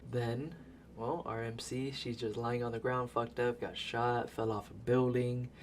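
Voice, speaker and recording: A man giving a casual, profane recap of a movie as a voice-over, animated and laughing as he tells it. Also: medium pitch, a little slow, a little hiss or hum. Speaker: video creator.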